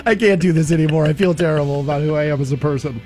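Male rock radio host, high voice, rowdy self-mocking storyteller. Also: racing, faint music behind. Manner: animated, shouting storyteller who laughs at himself. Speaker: radio morning show host. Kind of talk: excited radio banter and promo reads. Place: radio studio.

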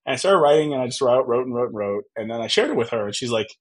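Guy on a podcast, kinda husky, talking slow and thoughtful about his own experience. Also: mid-range voice, animated. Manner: earnest, reflective, many fillers and restarts. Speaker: podcast guest, tech founder. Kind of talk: personal storytelling in conversation.

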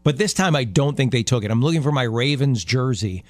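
A male radio co-host with a lively, bouncing pitch, who jokes and laughs as he chats. His voice sounds dry and close, with no room around it. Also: brisk, dry recording. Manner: laughs often, lively and joking. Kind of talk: casual radio chat.

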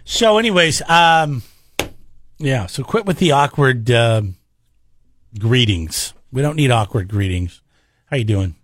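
Speaking slowly in a medium pitch, another morning radio co-host trades casual banter in the studio on a studio mic. He's animated and keeps slipping into comic put-on voices.

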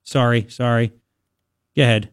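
A man hosting a political talk radio show, rambling and sarcastic in an animated way. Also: mid-range voice, moderate pace, clean tone, dry recording, clean studio sound.

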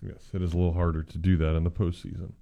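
A man co-hosting a sports talk show, firing off dry, quick comebacks in casual chat. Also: low-pitched, flat delivery, creaky, dark tone.

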